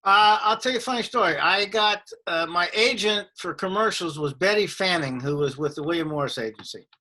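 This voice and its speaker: A man in his sixties, a comedian guest telling anecdotes in an animated way in a casual interview. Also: high-pitched, a little fast.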